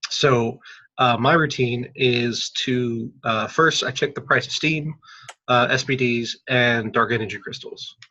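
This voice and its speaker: Forceful-sounding man on dull call audio. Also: medium pitch. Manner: quick explanations with many fillers. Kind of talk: casual chat.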